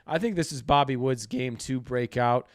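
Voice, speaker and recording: A man's voice: medium pitch, normal speed, no room sound. Man laying out betting stats, dry sound. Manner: explanatory, stat-heavy reasoning. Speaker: podcast co-host. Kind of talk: casual sports betting chat.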